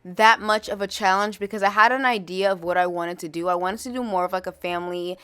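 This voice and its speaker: A woman's voice: medium pitch, fairly even intonation, fast, sharp tone, clean tone. A woman giving a casual gameplay voice-over in a chatty, rambling way that questions itself. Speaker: YouTube host.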